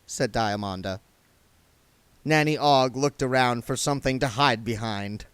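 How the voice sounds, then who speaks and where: A man's voice: medium pitch, a little slow, clean tone, no echo. A man reading a novel aloud, narrating expressively. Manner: expressive storytelling. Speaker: reader. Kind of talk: audiobook narration.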